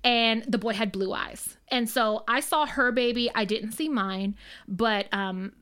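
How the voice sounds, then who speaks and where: A woman's voice: a little high, unhurried, a bit bright, clean tone. Rambling woman telling a dream story. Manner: rambling, lots of likes and ums, cursing. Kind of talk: casual storytelling chat.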